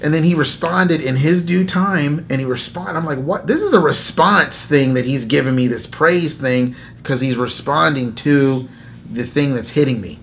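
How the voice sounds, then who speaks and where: A man's voice: fairly high pitch, normal speed, fairly bright tone, a little hiss or hum. A man hosting a casual faith talk, telling a story animatedly, acting out inner dialogue and laughing often between phrases. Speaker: host. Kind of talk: casual spoken testimony.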